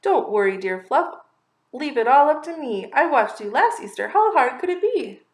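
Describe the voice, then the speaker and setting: A woman voicing a big, gentle male elephant dressed up as a bunny in a storybook, earnest and eager to help. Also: high voice, sing-song, normal speed, reverberant.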